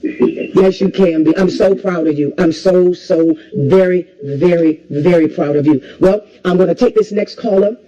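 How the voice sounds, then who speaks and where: A woman's voice: on the low side, measured pace, mellow, highs cut off. A woman preacher hosting callers, talking in an emphatic, repetitive preaching cadence. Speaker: preacher hosting a call-in livestream. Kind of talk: call-in talk with preaching.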